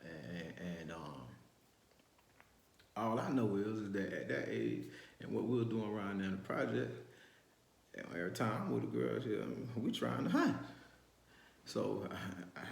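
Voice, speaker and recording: A man's voice: lowish voice, big pitch swings, measured pace, vocal fry, long pauses. A man, telling a story from his youth in rambling street slang, with many restarts. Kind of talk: casual first-person storytelling. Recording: roomy echo.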